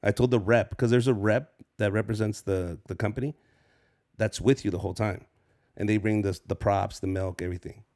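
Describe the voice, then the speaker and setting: Gravelly man telling profane stories. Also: lowish voice, steady tone, brisk, darkish tone. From Southern California, US. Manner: loose, profane storytelling, acts out voices. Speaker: stand-up comedian, guest. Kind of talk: casual storytelling interview.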